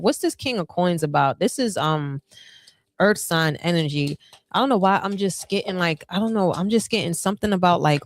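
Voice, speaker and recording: Lowish chatty woman reading tarot. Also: dry recording. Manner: chatty, hesitant with many fillers, bursts of excitement. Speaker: tarot reader. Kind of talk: casual tarot reading to viewers.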